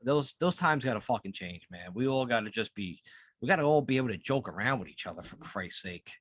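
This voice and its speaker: A man co-hosts a podcast, talking in a loose, profane, heated rant. His voice sits at an ordinary middle pitch. The sound is dry and close, with no room around it. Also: expressive, brisk, a bit bright, dry recording. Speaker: podcast co-host. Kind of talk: casual podcast chat.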